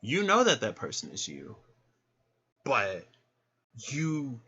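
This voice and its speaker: A man giving a casual tarot reading, chatty and animated, who laughs often and acts out little scenes. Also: lowish voice, breathy edge. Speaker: tarot reader.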